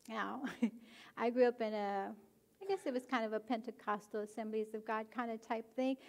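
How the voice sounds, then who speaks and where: A woman pastor preaching a sermon, animated and emphatic, often pushing her questions to the congregation. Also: high-pitched. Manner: animated, rising to emphatic exhortation. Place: church sanctuary.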